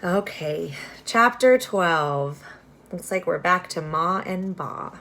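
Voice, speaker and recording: Woman reading aloud, children's novel, expressive, animated lively pitch, chatty asides. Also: slow pace. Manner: expressive, with casual asides to listeners. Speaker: reader.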